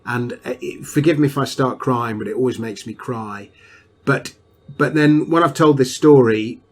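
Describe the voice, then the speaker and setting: A man, a podcast guest telling a family story at an easy, rambling pace with frequent restarts. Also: mid-range voice.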